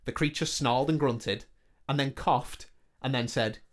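A man's voice: mid-range voice, a little slow. A man reading a comedic fantasy story aloud in a joking manner. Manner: joking, laughs between lines.

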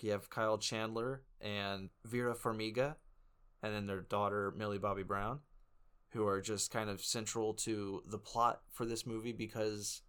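A man co-hosting a movie review podcast, relaxed and joking, laughing often. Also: fairly low pitch, clear, resonant tone. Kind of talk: casual chat.

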